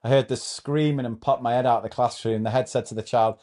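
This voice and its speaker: Brief: amused man reading anecdotes aloud, mid pitch, keeps cracking up. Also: fairly even intonation, quick pace, a little mellow. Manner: amused, often breaks into laughter while reading. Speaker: host reading out a thread of teacher stories. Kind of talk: casual reading of funny anecdotes.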